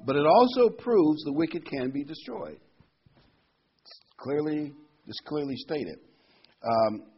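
A man with a husky, medium-pitched voice preaches a sermon and reads scripture aloud. He speaks conversationally but turns emphatic whenever he quotes the verses. The recording is dull and lo-fi.

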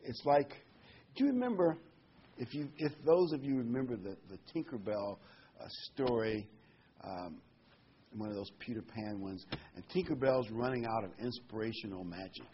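A man's voice: medium pitch, animated, moderate pace. Male preacher, easygoing sermon delivery, repeats words for emphasis, muffled lo-fi recording with faint hiss. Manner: conversational preaching with fillers and emphatic repetition. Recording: dull lo-fi sound with faint noise.

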